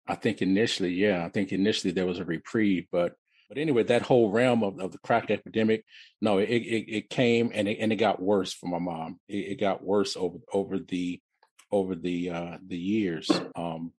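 A Detroit man in his fifties tells his life story as an interview guest, halting and often repeating or restarting words. His voice is low-pitched, darkish and husky, with no room sound.

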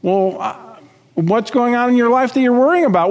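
A male pastor preaching a sermon, reading scripture and acting out quotes with lively emphasis. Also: extremely high pitch, moderate pace, big-room sound.

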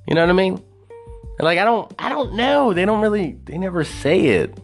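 A man's voice: high-pitched, very animated, a little fast, faint music behind. A man hosting a podcast alone, rambling and swearing a lot, laughing at his own jokes. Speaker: podcast host. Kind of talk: casual solo podcast rant.

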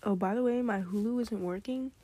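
A woman's voice: medium pitch, a little fast, warm tone, breathy edge, dry recording. A teenage girl vlogging alone late at night, rambling from topic to topic with giggles, gushing exclamations and frequent whispered asides. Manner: scattered, drifts into whispered asides.

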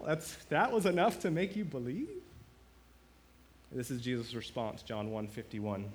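A male pastor with a slightly high voice preaches a sermon conversationally, putting questions to the congregation and building to loud, emphatic climaxes.

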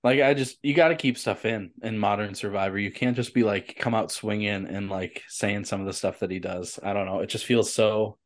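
A man with a fairly low voice co-hosts a casual podcast. He sounds relaxed and opinionated, and he agrees readily with his partner. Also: brisk, hardly any pauses. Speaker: podcast co-host. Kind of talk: casual chat.

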